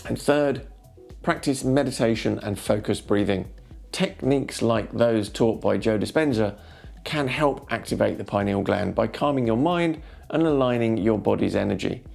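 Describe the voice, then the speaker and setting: A man giving scripted narration for a wellness video, calmly counting off tips in an instructive way. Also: lowish voice, creaky.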